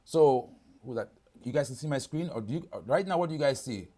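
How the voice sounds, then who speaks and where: A man's voice: mid-range voice, expressive, a little fast, mellow. A man hosting a live product demonstration over a video call, talking casually and often checking in with "right?". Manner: casual, keeps asking "right?".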